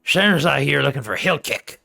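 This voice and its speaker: A man putting on a gruff Scottish camp guard. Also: fairly high pitch, animated, a little fast, sharp tone, soft background music, heavily acted. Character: gruff male camp guard, blunt and wary.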